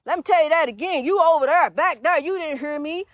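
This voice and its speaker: High-voiced woman preaching with fervor. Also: fairly quick, no room sound, studio quality. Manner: rhythmic, repetitive exhortation, calls listeners honey. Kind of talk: informal preaching.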